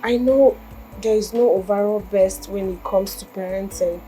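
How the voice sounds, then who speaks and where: A woman's voice: medium pitch, fairly even intonation, normal speed, mellow, faint music behind, close to an everyday voice, rough recording. An actress playing a polite young housemaid who reassures her employer, in a film. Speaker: maid. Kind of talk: film acting.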